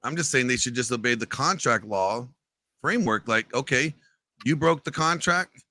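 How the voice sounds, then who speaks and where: A man's voice: mid-range voice, animated, moderate pace, sharp tone. A man hosting a live online panel, arguing his point insistently and often repeating himself. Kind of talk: heated debate.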